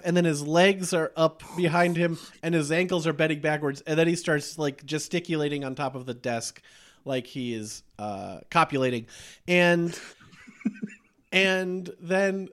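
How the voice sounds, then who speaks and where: Laughing man retelling movie scenes, higher voice. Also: unhurried, a bit bright. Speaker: podcast host. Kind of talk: casual movie review chat.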